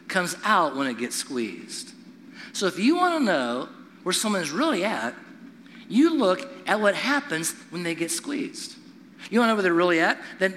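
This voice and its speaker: Animated high-voiced man preaching. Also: in a large hall, slight background noise. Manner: animated storytelling with acted-out voices. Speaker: pastor. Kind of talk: sermon.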